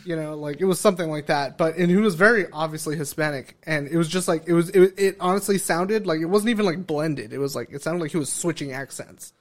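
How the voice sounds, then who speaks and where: A man's voice: fairly high pitch, fast, hardly any pauses. A man in a casual podcast chat, telling stories in a laid-back way with casual swearing.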